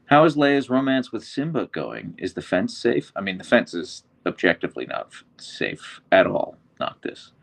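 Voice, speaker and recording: Easygoing male stream host, gravelly fry, animated pitch, reads comments off his phone. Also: moderate pace, few pauses. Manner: chatty, easygoing, talks to his dogs between comments. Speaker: livestream host. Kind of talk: casual live chat reading viewer comments.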